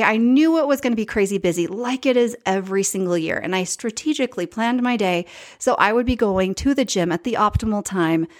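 A woman hosting a podcast, talking in an emphatic, chatty way, repeating her key points and speaking straight to her live viewers. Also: mid-range voice. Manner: addresses live viewers directly. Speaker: podcast host. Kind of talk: casual solo podcast monologue.

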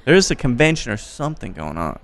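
American man from the Midwest, gravelly voice, wry host of a relaxed chat. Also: mid-range voice, a little fast. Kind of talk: casual chat. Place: bar by a window.

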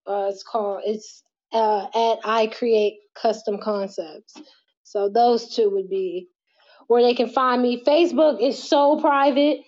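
This young woman, a model and mother, is a guest in an interview and chats openly and casually, quick to laugh and unbothered about swearing. She speaks slowly in a slightly high voice with a darkish tone, though the recording is muffled and dull.

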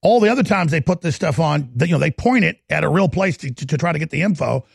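A man's voice: fairly high pitch, expressive, quick pace, creaky, husky, no echo, studio quality. A man hosting a political talk show, ranting in a heated, sarcastic way. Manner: ranting, sarcastic, slips into mocking impressions.

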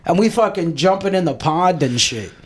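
Young male podcast host, a touch high, loose and profane storyteller, faint hiss behind. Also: normal speed. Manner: profane, excitable, laughs while telling stories. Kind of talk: casual storytelling chat.

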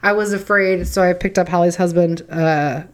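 A woman's voice: on the low side, steady tone, moderate pace. Blunt, foul-mouthed woman podcast co-host. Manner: blunt, swears freely, self-deprecating. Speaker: true crime podcast co-host. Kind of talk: casual profane storytelling.

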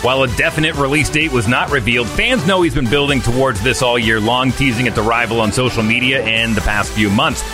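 A man hosting a morning radio show, reading music news at a brisk pace and chatting in a relaxed way. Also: mid-range voice. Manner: brisk newsreader delivery, then relaxed storytelling banter. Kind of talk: radio news read and casual morning chat.

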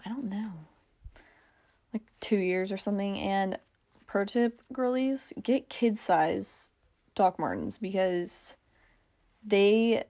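Chatty teenage girl with vocal fry. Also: medium pitch, a little mellow. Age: teens. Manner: chatty, full of "like" and self-corrections. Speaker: podcast host. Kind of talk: casual chat.

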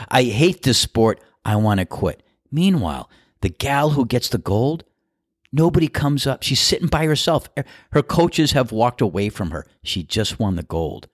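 A man's voice: fairly low pitch, dry recording, clean studio sound. A middle-aged man hosting a podcast, giving opinionated sports commentary in an emphatic, indignant way. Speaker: podcast host.

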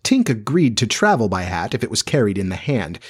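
A man narrating a storybook in a measured, steady way. His voice sits low and has a husky, breathy edge. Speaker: audiobook narrator. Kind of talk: scripted narration.

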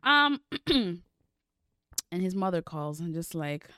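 Woman co-host, casual chat, low voice, animated retelling, dry close sound. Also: takes it slowly, smooth, dry recording. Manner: animated, acts out characters while retelling. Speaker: book podcast co-host.

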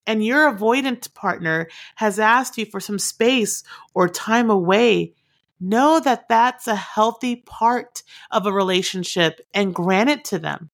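A woman's voice: mid-range voice, vocal fry. A woman giving direct, earnest relationship advice and repeating her key points for emphasis. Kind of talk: advice talk to camera.

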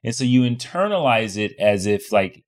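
A man co-hosting a podcast, explaining ideas in a calm coaching way and laughing often. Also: mid-range voice, normal speed. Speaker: podcast co-host. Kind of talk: casual podcast chat.

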